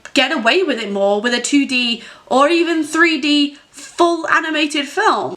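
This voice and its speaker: A woman's voice: high-pitched, fairly bright tone. A young woman vlogger giving chatty, rambling opinions on films with frequent tangents and giggles. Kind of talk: casual film commentary vlog.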